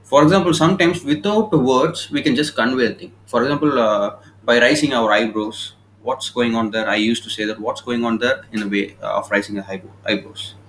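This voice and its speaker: A man from India delivers a recorded slide lecture on communication skills, explaining informally and often pausing to ask "okay?" His medium-pitched voice is a little fast and a bit bright. It was recorded on a laptop, roughly, with slight background noise.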